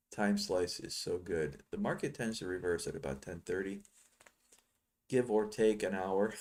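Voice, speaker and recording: A middle-aged man giving rambling, teasing live commentary on his trading screen, thinking aloud as he goes. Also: lowish voice. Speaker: futures trading software seller.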